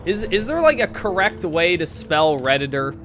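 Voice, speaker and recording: A man's voice: on the high side, big pitch swings, normal speed, over music. A man live-streaming, casually reading online posts aloud to his chat and breaking off with sarcastic asides.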